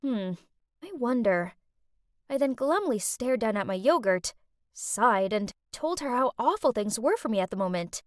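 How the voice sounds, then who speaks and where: A young woman narrating an animated story in the first person, dramatic and confiding. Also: a little high, unhurried, no echo, studio quality.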